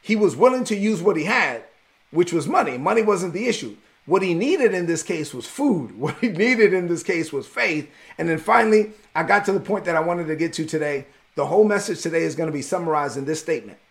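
A man preaching a conversational sermon with a folksy, animated delivery. His voice sits high and has a gravelly edge. He speaks straight to his listeners. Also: fairly quick.

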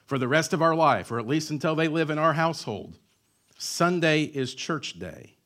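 A man's voice: on the high side, animated, normal speed, fairly bright tone. A male pastor in his thirties preaching a sermon in a church, with emphatic repetition and joking asides.

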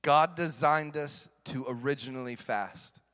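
A man's voice: mid-range voice, unhurried, pushed and bright. A middle-aged man preaching a sermon as pastor, with emphatic delivery, repeating key lines for weight. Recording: echoey hall with long reverb.

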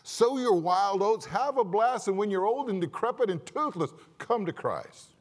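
Give me a wheedling, mocking male devil, as a man puts him on with a much higher, louder voice. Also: big pitch swings, moderate pace, natural voice. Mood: coaxing. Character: taunting male devil, sly and coaxing. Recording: reverberant hall.

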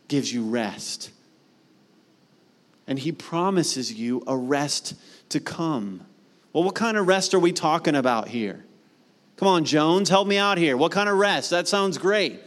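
Guy pastor preaching, kinda high voice, asks questions then pleads soft and earnest. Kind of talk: sermon.

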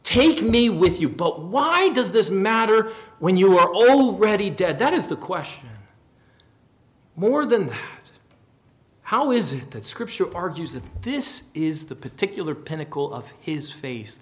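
Male pastor mid-sermon, slightly raised pitch, swings between forceful questions and hushed reflection. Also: very animated, measured pace. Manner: swings from loud emphatic questions to quiet low musing.

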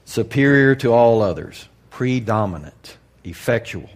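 A man preaching to a congregation in a candid, folksy way, dropping to a hush and then rising to loud emphasis. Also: mid-range voice, lively intonation, unhurried. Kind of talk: sermon.

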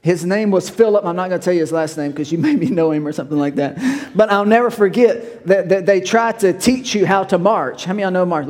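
A middle-aged pastor preaching a sermon, telling folksy stories with laughs and shouted drill calls. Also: male voice, high-pitched, brisk.

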